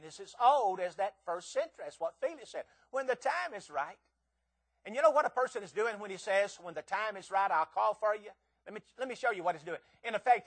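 Brief: fairly high-pitched male preacher, emphatic and storytelling, swings loud and soft. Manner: emphatic, rising and falling with quoted voices. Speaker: visiting preacher. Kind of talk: revival sermon with storytelling.

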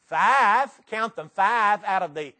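Male preacher, high voice, dramatic sermon, questions the room. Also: lively intonation, slow. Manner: dramatic recitation with sudden loud and soft swings; rhetorical questions to the congregation.

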